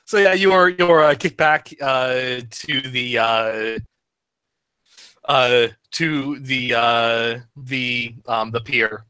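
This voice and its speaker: A man running a tabletop game as game master, pausing often with fillers. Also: mid-range voice, pushed and bright, smooth, dry recording. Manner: halting, many fillers. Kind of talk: narrating a tabletop game over voice chat.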